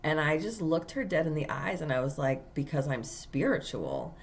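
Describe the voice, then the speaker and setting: A woman's voice: low voice, fairly quick. A woman who reads tarot, telling a personal story in an earnest, emphatic way, with many fillers and restarts. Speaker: tarot reader. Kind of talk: casual spiritual monologue.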